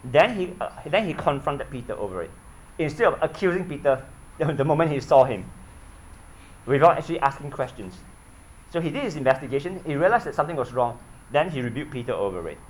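A man's voice: fairly high pitch, animated, fairly quick, poor audio. A man preaching a sermon in an earnest way, often asking his listeners questions and repeating himself.

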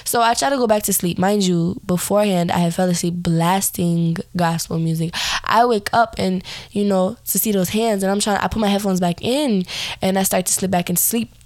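A young woman hosting a podcast, hoarse and tired as she tells a personal story in a rambling way with lots of fillers and restarts. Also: medium pitch, normal speed, a little mellow, no echo. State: hoarse, recovering voice; tired, yawning.

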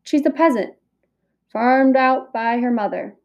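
A woman reading aloud voices a gruff bearded male guard who scoffs at his partner's suspicions. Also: sits high, a little slow, a little mellow. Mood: dismissive. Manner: scoffing, dismissive.

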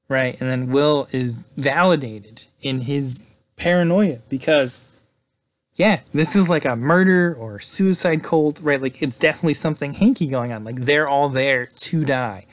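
A man's voice: mid-range voice, moderate pace, no room sound. Guy recapping a movie, super chatty, keeps saying like and right, all hyped up. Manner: chatty, excited, fills with "like" and "right?". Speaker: movie reviewer.

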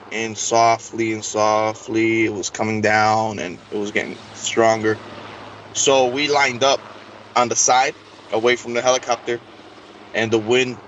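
A man's voice: mid-range voice, a little hiss or hum, rough recording. A man telling an interview host a long personal story in casual speech, acting out the dialogue. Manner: animated, acts out quoted dialogue. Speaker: interview guest.

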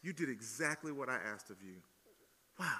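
A man's voice: mid-range voice, a little fast. A male pastor with a Southern accent, preaching playfully and teasing the crowd during an audience demo. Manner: jokey, teasing, energetic with crowd. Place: large hall at student gathering. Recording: long hall reverb.

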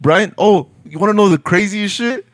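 A young man with a high voice tells stories among friends in a laid-back, slangy way, laughing often and sliding between English and Spanish. The sound is close and dry, with no room around it. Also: moderate pace, dry recording. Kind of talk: casual chat among friends.

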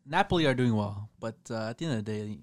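A man's voice: lowish voice, lively intonation, fast talker, dry recording. A man on a casual football podcast, laughing and teasing the others between picks. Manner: laughs often, teasing banter. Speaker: podcast co-host. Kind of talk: casual sports prediction chat.

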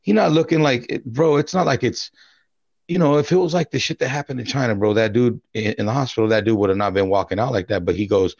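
A man with a lowish voice, rambling through a story in casual slang-heavy chat, swearing freely. The recording is dry and a little muffled. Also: fairly even intonation, fast talker, vocal fry, darkish tone, dry recording. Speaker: podcast co-host.

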